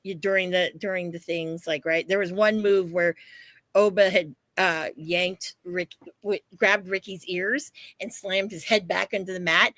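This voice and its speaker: Animated woman telling a story. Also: fairly low pitch, a little slow, no echo. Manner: animated storytelling, acts out quotes, swears freely. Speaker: podcast co-host. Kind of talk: casual chat.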